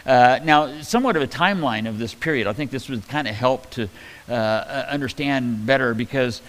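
A male pastor teaches a Bible passage in a relaxed, conversational sermon. He often stops, repeats himself and fills pauses, and his voice sits at an ordinary middle pitch. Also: low-quality recording. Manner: conversational, halting, many fillers and restarts.

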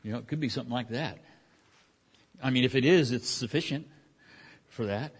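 A man's voice: medium pitch, fairly quick, breathy edge. A man teaching from the Bible in a casual, folksy way, with many restarts and fillers, speaking in a church. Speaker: pastor.

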